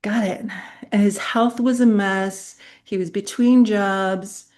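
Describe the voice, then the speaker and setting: This online master class comes from a middle-aged woman who coaches public speaking, her medium-pitched voice moving slowly. She's animated and chatty, speaks directly to viewers, and often laughs partway through sentences while sharing stories.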